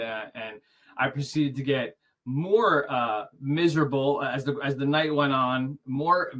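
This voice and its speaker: A man in his forties telling a story as a guest on a video-call interview, animated, acting out the dialogue with little chuckles. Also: medium pitch. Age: 40s. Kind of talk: casual storytelling.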